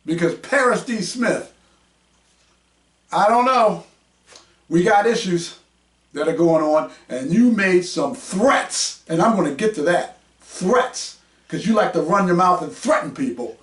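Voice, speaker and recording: Fiery high-voiced man ranting on a podcast. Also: lively intonation, unhurried, long pauses. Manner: combative, mocking, raises voice to shout. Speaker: podcast host. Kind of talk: heated podcast rant. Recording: roomy echo, mic at a distance.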